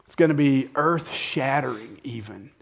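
Guy preaching a sermon, chatty, keeps asking the crowd stuff, gets loud then drops soft. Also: medium pitch, unhurried, husky. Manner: conversational, asks the listeners questions, acts out lines with shifts in loudness. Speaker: pastor.

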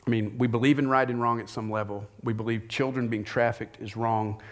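A man's voice: medium pitch, steady tone, fairly quick. A middle-aged male pastor preaching a sermon in a conversational way, often asking rhetorical questions.

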